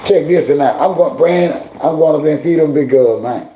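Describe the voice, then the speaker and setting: A man's voice: a little high, moderate pace, warm tone, slight background noise. A middle-aged man hosting a casual livestream, talking straight to his viewers and chat in heavy slang and scolding them. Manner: heavy slang, drawling repetitions. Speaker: livestream host.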